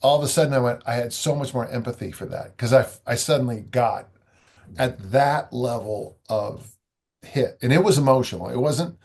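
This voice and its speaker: A man's voice: mid-range voice, normal speed, a little mellow. A man, a strength coach guest, talking in a loose, rambling way with dry humor. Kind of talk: conversational interview.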